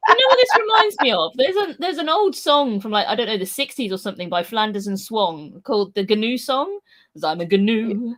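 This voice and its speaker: Lively, teasing woman co-host. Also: on the high side, fairly quick. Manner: playful, teasing, laughs a lot. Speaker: podcast co-host. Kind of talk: casual chat.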